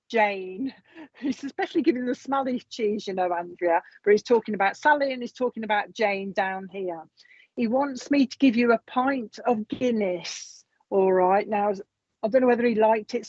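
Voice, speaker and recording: A woman's voice: mid-range voice, darkish tone, no echo, dull audio. A woman with a British accent giving live psychic readings, chatting as she passes on messages and reads out viewer comments. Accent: British English. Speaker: psychic medium. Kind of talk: live online mediumship readings.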